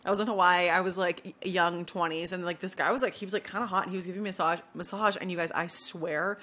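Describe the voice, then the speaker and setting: A bubbly young woman co-hosting a podcast, rattling off anecdotes in relaxed, casual talk. She talks quickly and acts out the lines other people said. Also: on the low side. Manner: bubbly storyteller, acts out quotes. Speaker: podcast co-host. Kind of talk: casual chat.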